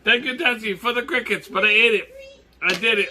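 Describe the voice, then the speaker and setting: A man from Hawaii with a Hawaiian accent, vlogging casually in a jokey, excitable way, swearing and laughing as he talks. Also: sits high, fairly quick, noisy background. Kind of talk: casual vlog.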